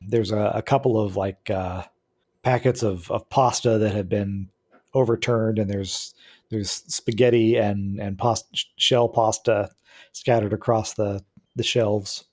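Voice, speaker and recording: Mellow-voiced male game master. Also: fairly low pitch, fairly even intonation. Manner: descriptive, halting. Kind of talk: narrating a tabletop game.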